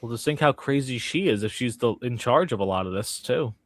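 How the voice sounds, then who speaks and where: A man's voice: mid-range voice, animated, fairly quick, no echo, studio quality. A man on a casual panel, musing in an easygoing way.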